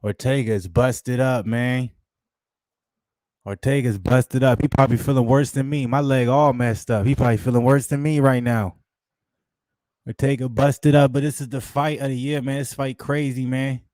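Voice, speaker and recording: A channel host streams a live fight watch-along, full of hype and slang and prone to repeating his exclamations. He speaks at a moderate pace in a medium-pitched, steady, slightly mellow voice, recorded dry.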